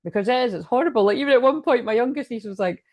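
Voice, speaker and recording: A woman's voice: on the high side, racing, no echo, highs cut off. A middle-aged woman giving a casual, meandering tarot reading, chatty and full of asides. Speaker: tarot reader.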